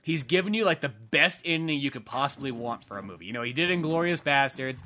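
A man's voice: mid-range voice, expressive, fast, bright, forceful tone, slight background noise. A man chatting casually and profanely about a film, rambling with lots of fillers.

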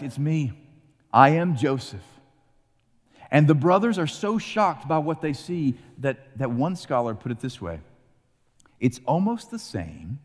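Animated male preacher in a reverberant hall. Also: mid-range voice. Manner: animated storytelling, acting out voices. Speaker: pastor. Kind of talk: sermon.

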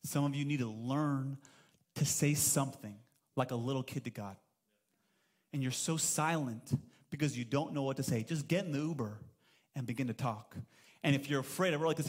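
A man's voice: medium pitch, a little fast. A man in his thirties preaching a sermon as pastor at a church service, telling stories with playful acted-out voices and humor.

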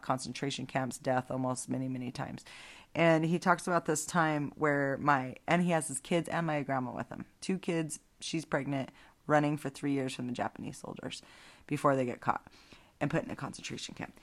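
A woman hosting a casual Bible storytelling podcast, chatty and digressive, with frequent asides. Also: sits low. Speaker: podcast host.

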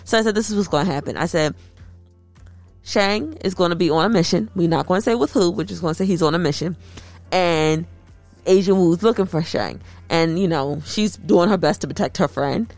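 A woman co-hosting a casual chat, talking in a chatty, animated and playful way. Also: lowish voice, a little fast, faint music behind.

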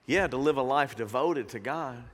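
A man's voice: medium pitch, moderate pace, long reverb tail. A man preaching a conversational sermon as pastor, telling stories and acting out the voices of people in them. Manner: animated storyteller, acts out quoted voices. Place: church sanctuary.

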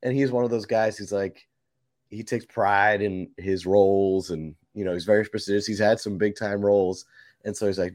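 Laid-back low-voiced man telling stories. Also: fairly even intonation, moderate pace, a little mellow, dry recording. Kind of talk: casual chat.

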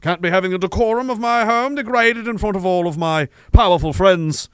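A man putting on a posh English accent to play a pompous, callous upper-class colonial gentleman. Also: high voice, brisk, clear, resonant tone, no room sound, studio quality. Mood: haughty. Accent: put-on posh English. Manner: haughty, plummy, cheerfully callous.

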